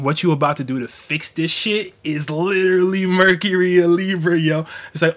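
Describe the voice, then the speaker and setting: A man's voice: sits high, moderate pace, few pauses. Blunt, slangy young man talking astrology live. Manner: blunt, slangy, profane, animated with mocking quoted voices. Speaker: astrology livestream host. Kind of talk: casual livestream talk.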